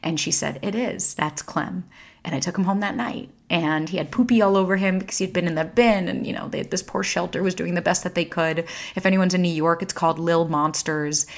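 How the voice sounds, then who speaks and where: A woman's voice: lowish voice, fairly even intonation, fairly quick, hardly any pauses. A woman in her thirties hosting a solo podcast, talking candidly and casually, swearing freely and getting emotional. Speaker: podcast host.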